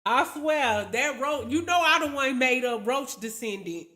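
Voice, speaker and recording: High-voiced, unhurried woman livestreamer. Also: animated, bright, forceful tone. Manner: loose and slangy, chuckles often, spells out viewer names letter by letter. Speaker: livestream host. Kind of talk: casual livestream chat with viewers.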